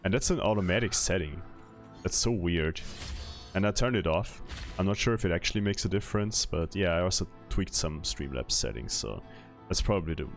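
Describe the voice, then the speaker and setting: A man's voice: low voice, expressive, fairly quick, creaky, faint music behind. A man streaming a video game, chatting casually with viewers and laughing often as he plays. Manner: chatty, reads chat aloud, laughs often. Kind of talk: casual gameplay commentary.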